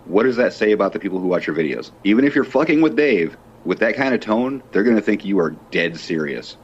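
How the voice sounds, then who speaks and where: Deep-voiced man, measured and analytical. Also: animated, breathy edge. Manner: deliberate and analytical. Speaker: caller on a group call. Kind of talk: casual call chat. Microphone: computer mic on a video call. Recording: dull lo-fi call audio with faint noise.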